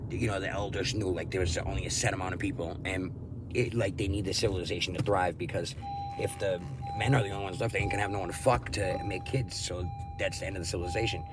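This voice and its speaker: A man's voice: low-pitched, fairly even intonation, fast, very noisy. A man hosting his own channel, delivering a crude, combative, profane ranting monologue. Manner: crude, combative, lots of swearing. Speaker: channel host.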